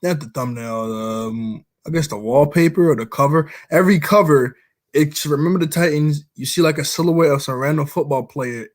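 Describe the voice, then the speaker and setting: A man's voice: on the high side, normal speed. A man chatting casually about movies he likes, rambling along, often chuckling as he retells scenes. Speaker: vlogger.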